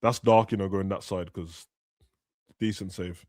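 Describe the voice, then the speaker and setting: Young guy chatting over a match, rants and yells sometimes, dry close sound. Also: low-pitched, steady tone, a little slow, no echo. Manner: ranting, slangy, bursts of shouting. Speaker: streamer hosting a football watch-along. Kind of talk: casual chat over a live match.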